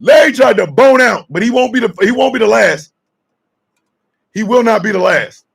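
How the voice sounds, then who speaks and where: A man hosting a radio show, shouting and mocking in loud comedic commentary. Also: high voice, moderate pace, vocal fry, husky. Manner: shouting, mocking, excitable riffing.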